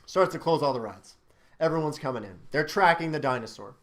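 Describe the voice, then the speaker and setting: Young man with a fairly high voice and a bright, forceful tone rants about a movie, swearing and exasperated in a loose, casual chat. He talks as the host of his own channel, with a friend chiming in. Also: lively intonation, brisk. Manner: angry, exasperated ranting with swearing. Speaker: channel host reviewing a film. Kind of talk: casual ranting review chat.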